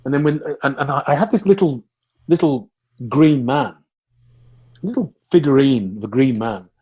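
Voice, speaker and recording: A man's voice: medium pitch, moderate pace, breathy edge. A middle-aged man, candidly telling wild stories in conversation, swearing and restarting often. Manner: animated, swearing, laughing through anecdotes, many restarts. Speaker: guest.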